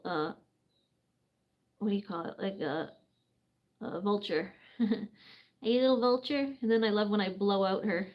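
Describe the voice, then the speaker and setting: A woman hosting a casual late-night livestream at home, chatting and laughing often as she bathes a bird, slipping into high baby talk. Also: darkish tone. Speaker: livestream host caring for animals. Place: home at night, bathing a bird near a couch.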